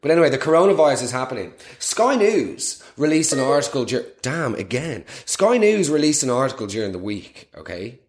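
A man's voice: medium pitch, very animated, fairly quick, few pauses, darkish tone. A young man delivering a sweary, mock-outraged comic rant as host of a comedy podcast. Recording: echoey room.

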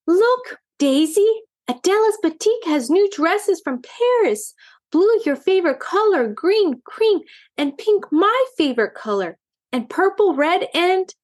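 Woman doing a squeaky excitable kitten girl. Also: takes it slowly, few pauses. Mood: excited. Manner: excitable, chatty.

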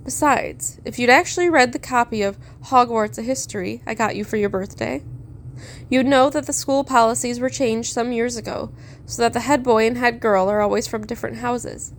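A woman reading a storybook voices a bookish young woman who explains things in a brisk, lecturing way. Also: fairly high pitch, slight background noise, close to an everyday voice.

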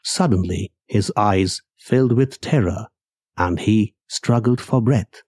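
A man voicing a shaken man recounting a haunting, slow and solemn. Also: lowish voice, a little mellow, husky, no room sound.

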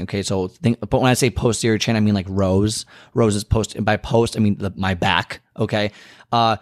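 A man's voice: mid-range voice, no room sound, clean studio sound. A man hosting a podcast, talking frankly and animatedly in a casual monologue, venting his frustration with lots of restarts. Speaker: podcast host.

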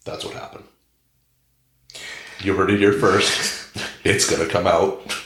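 A man's voice: low-pitched, little pitch movement, takes it slowly, fairly bright tone, a little hiss or hum. A man hosting a podcast and telling a rambling, irreverent comedic story. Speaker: podcast host. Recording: echoey room.

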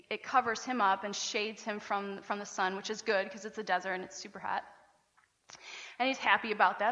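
A woman pastor preaches with a bright, forceful voice pitched a little high, her chatty asides and laughs carried on a long reverberant tail. The sound is that of a big church hall with the voice ringing around the room. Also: muffled recording. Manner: animated, laughing often, conversational. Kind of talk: sermon.

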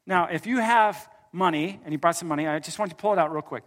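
A pastor preaching a sermon in a slightly raised voice. He tells a story and moves from loud, emphatic lines to quiet, hushed ones. Now and then he jokes with the congregation. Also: on the high side, fast.

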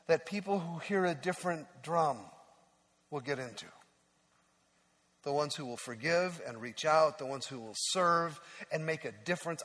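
Male pastor, slightly high voice, earnest sermon storytelling, long church reverb. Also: animated, unhurried, long pauses. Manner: earnest storytelling, drops to a hush for emotional moments.

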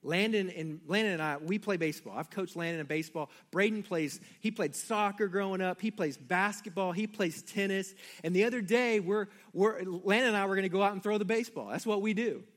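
Man, high voice, pastor, sermon, animated storytelling, talks straight to the congregation. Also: brisk, hardly any pauses.

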